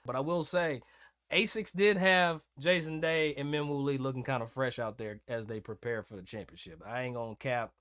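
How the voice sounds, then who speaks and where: Animated, jokey male podcast host. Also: mid-range voice, moderate pace, no echo, studio quality. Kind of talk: casual chat.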